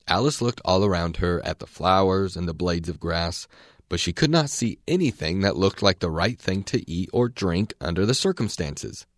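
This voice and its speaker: A man reads a storybook aloud in a measured, expressive way. His voice sits fairly low with lively rises and falls, recorded dry and close. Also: dry recording. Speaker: reader.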